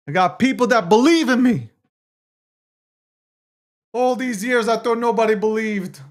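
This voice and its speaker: A man's voice: very high-pitched, unhurried, long pauses. A man hosting his own live show, casually chatting and reading viewer comments aloud, swearing freely and swinging between mock hurt feelings and getting fired up. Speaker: livestream show host. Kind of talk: casual live-stream chat.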